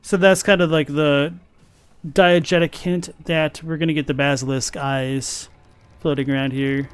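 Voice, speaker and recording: Man, high voice, casual gameplay commentary, rambling, thinks aloud. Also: little pitch movement, unhurried, clear, resonant tone, dry recording. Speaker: gaming streamer.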